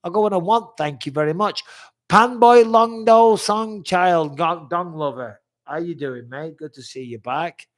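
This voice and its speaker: A man in his forties, high-voiced and unhurried, hosts a live fan chat. He reads out fan questions and answers them bluntly and chattily, swearing freely. He sounds like he's still recovering from a cold.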